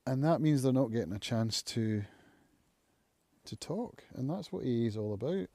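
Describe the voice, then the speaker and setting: Mellow-voiced man musing aloud. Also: medium pitch, lively intonation, dry recording. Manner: reflective, musing, thinks aloud with pauses. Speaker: channel host, recovering alcoholic. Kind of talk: casual live-stream monologue.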